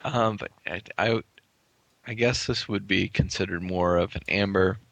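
A man's voice: sits low, fairly even intonation, unhurried, vocal fry, a bit bright, no echo, muffled recording. A man co-hosting a casual chat about beer, laughing often and trailing off into restarts. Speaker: podcast co-host reviewing beer.

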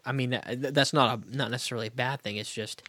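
A man with a mid-pitched voice co-hosts a casual podcast about beer, joking and stammering, swearing freely. The sound is dry and close. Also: fairly even intonation, quick pace, bright, forceful tone, dry recording. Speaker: podcast co-host. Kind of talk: casual beer-tasting chat.

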